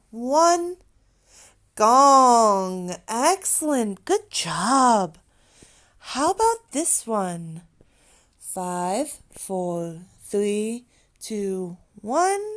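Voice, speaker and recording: Slow, sing-song woman teacher. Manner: slow, drawn-out teacher talk, lively pitch, praises and prompts. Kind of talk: children's online lesson.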